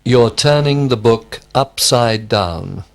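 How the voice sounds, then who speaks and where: A man answers in a scripted language drill at a very slow, measured pace. He repeats each question back as a careful full sentence. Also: mid-range voice, gravelly. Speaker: student in drill.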